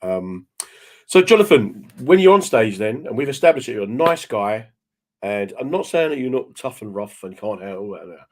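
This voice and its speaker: A man's voice: mid-range voice, big pitch swings, moderate pace. A British man hosting a radio talk show, telling stories in a casual, chatty way and acting out the quotes. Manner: storytelling, chatty, acts out quotes. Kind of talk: casual chat.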